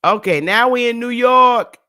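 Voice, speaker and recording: A woman chatting to her livestream audience in a loose, profane, casual way, breaking into laughter often. She talks slowly, in a bright, forward voice. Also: fairly high pitch. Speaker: livestream host.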